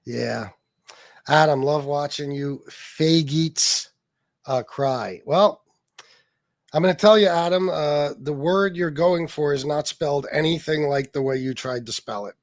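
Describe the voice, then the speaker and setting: A man's voice: on the high side, unhurried, no echo, clean studio sound. Profane, sarcastic male livestream host. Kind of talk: casual political livestream, reading chat.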